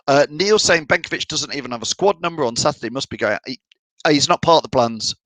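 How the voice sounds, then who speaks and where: A man's voice: on the high side, animated, fast talker, a bit bright, no room sound, low-quality recording. Chatty man hosting fan stream. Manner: chatty, reads out viewer comments. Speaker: fan channel host. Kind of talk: live stream chat reading comments.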